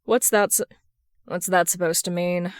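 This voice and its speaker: A petulant young man who mutters and bristles at being questioned, as a woman puts him on. Close to the reader's own smooth, clear voice, recorded dry and close. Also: fairly low pitch, fairly even intonation, measured pace, dry recording, close to an everyday voice.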